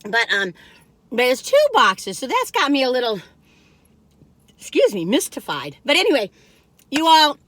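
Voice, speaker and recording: A food reviewer tastes cookies and chats casually, humming and singing bits of song, talking through mouthfuls with savoring noises. Her high, slightly bright voice is very animated at a moderate pace with frequent pauses. No room sound is audible.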